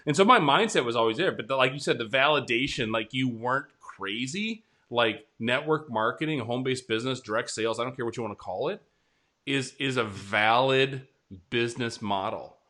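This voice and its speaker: A man hosting a casual interview chat, energetic and quick, often checking in with "right?". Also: mid-range voice. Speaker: host.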